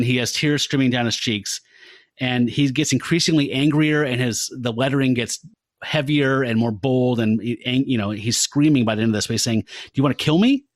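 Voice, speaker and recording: Male co-host, laid-back animated comics chat, dry close mic. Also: medium pitch, no echo. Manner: animated, retelling with laughs. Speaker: podcast co-host. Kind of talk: casual comic book discussion.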